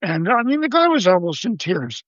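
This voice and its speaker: An older man, a guest astronomer, telling a story in an interview in a measured, vivid way and quoting the people involved. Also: high voice, sing-song, fairly bright tone, dry recording. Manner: measured, vivid storyteller who quotes others. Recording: dull lo-fi dry sound.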